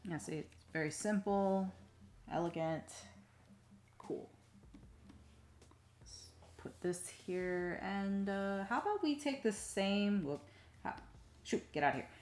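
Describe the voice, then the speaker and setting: A woman chatting casually on a live stream while she draws, rambling to herself with many fillers and soft muttered asides. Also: mid-range voice, animated, slow, pauses often. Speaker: streaming digital artist.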